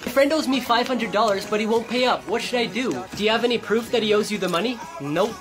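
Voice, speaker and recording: A woman's voice: on the high side, fast talker. A text-to-speech woman's voice narrating short joke skits and reading every character in the same voice, with music behind. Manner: synthetic, reads every character in one voice.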